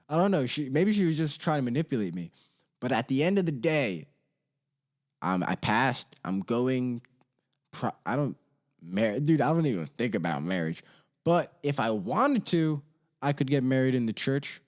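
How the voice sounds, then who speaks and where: A man's voice: on the high side, lively intonation, moderate pace, darkish tone. Rambling young man, slangy and laughing. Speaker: podcast host. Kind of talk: casual comedic solo podcast. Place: home studio. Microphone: studio mic.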